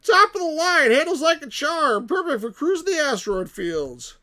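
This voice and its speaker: A man voicing a slick used-spaceship salesman with a Texan accent, in a loud, drawling sales pitch. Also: very animated, normal speed, full character voice. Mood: eager pitch.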